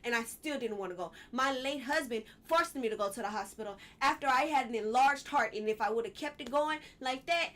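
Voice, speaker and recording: A woman's voice: fairly high pitch, brisk, few pauses, a bit bright. A woman hosting a live stream, giving blunt, emotional political commentary and swearing when she gets worked up.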